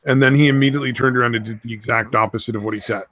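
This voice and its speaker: A man's voice: medium pitch, steady tone, very fast, a bit bright, no echo. A man talking politics in a casual chat, blunt and stumbling over repeated words.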